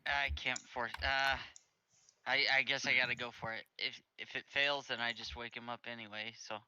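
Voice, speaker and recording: A male player stumbles over his words while making his moves. His voice is bright and clear. The mic sounds dull and lo-fi. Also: mid-range voice, fairly even intonation, moderate pace. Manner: stammering, laughing. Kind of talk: casual tabletop play.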